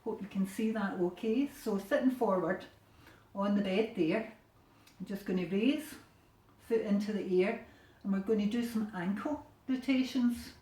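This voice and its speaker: A woman with a Scottish accent leading a gentle home exercise class from her bedroom, giving encouraging instructions in a relaxed way. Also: medium pitch, moderate pace. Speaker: fitness instructor. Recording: roomy sound from a distant camera.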